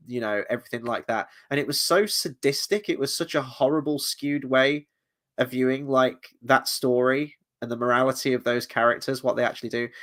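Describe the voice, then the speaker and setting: A man's voice: mid-range voice, a bit bright. Male host, casual review chat, blunt, reads viewer comments.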